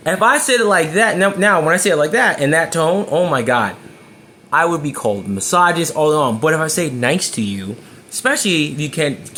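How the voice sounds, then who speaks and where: A man with a slightly high voice tells his personal story to camera. He is emphatic and often trips over and repeats words. A faint background noise runs underneath. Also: pushed and bright. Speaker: vlogger.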